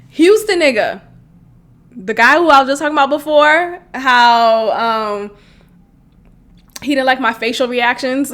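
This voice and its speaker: Woman, thirty, high voice, chatty comedy podcast host, laughs often. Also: lively intonation, moderate pace, fairly bright tone. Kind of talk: casual comedic monologue.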